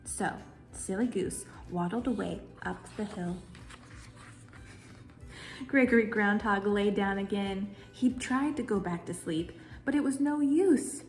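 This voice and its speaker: A woman librarian leading a children's story time, reading a picture book aloud in a lively way. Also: medium pitch, a little slow. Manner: animated, cheerful with children. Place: in front of a green screen. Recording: roomy echo, faint music.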